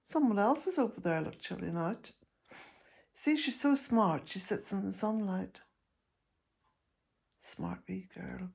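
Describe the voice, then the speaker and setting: An older woman, chatting to camera in a gentle, rambling way and chuckling often. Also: mid-range voice, slow pace, vocal fry, pauses often, breathy edge. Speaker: vlogger. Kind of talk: casual chat to camera.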